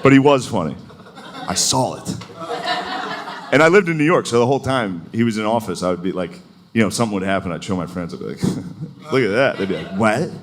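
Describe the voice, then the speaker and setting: A man in his thirties doing a live stand-up set, with a loose, rambling delivery full of "like"s and quick impressions. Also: low voice, expressive. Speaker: stand-up comedian. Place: comedy venue with a laughing audience.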